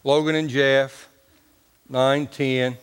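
A man's voice: medium pitch, level tone, takes it slowly, clean tone, in a large hall. A man preaching a sermon in a homespun, colloquial way, telling stories and talking to the congregation. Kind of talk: folksy storytelling sermon.

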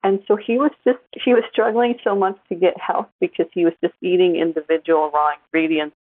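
A woman in her forties, a podcast co-host, chatting casually and telling animated stories. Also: fairly low pitch, fairly quick, no echo. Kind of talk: casual chat. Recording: tinny phone-like line.

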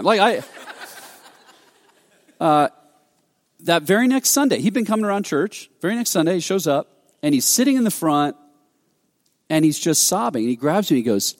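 Male pastor, lively sermon storytelling, slightly high voice, long church-hall reverb. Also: moderate pace, pauses often. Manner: animated, acts out quoted dialogue, frequent restarts.

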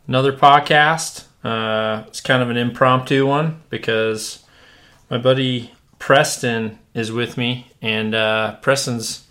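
A man hosting a casual podcast, talking in a relaxed, rambling way with many fillers and restarts. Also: mid-range voice. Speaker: podcast host. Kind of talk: casual chat.

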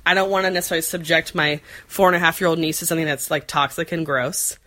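Forties woman rambling through a story, lowish voice, laughs a lot. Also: steady tone, fast talker, pushed and bright. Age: 40s. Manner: rambling, chatty, many fillers, frequent laughs. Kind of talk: casual storytelling chat.

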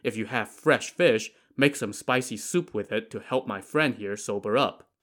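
A man's voice: lowish voice, normal speed, fairly bright tone, close to an everyday voice. A man voicing a proper, apologetic male official who speaks politely.

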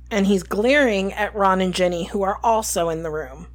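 At a medium pitch and moderate pace, a woman co-hosting a podcast casually recaps a book chapter. She retells scenes with quoted lines and fills her speech with lots of "ums."

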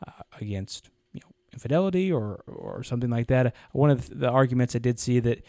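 Mellow-voiced man chatting on a podcast. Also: medium pitch, expressive, fairly quick, creaky, no room sound, clean studio sound. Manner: rambling, acts out quoted people in anecdotes. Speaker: podcast co-host. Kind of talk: casual podcast conversation.

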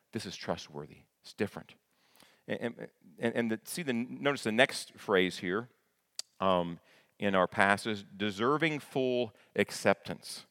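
Low-voiced pastor preaching in a reverberant hall. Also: male voice, fairly bright tone. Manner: conversational, repeats words, asks the congregation questions. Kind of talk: sermon. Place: church sanctuary.

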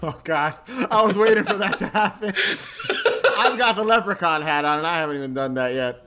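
A man's voice: a little high, normal speed, pushed and bright. A man chatting casually while reacting to a show with friends, laughing often and swearing freely. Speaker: co-host watching a show.

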